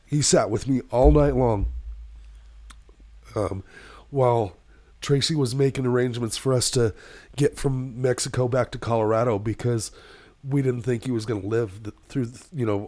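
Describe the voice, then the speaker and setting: A middle-aged man speaks casually on a podcast, filling his sentences with "you know" and "um" as he tells an emotional story. He is a paramedic, and his voice sits at an ordinary pitch. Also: darkish tone. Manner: emotional storytelling, many fillers. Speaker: paramedic guest.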